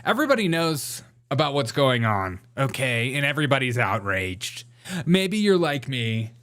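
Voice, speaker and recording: A man's voice: mid-range voice, big pitch swings, normal speed, fairly bright tone. A man hosting a casual livestream, talking in a sarcastic, mock-outraged way and laughing often. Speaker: livestream host. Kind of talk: satirical casual livestream commentary.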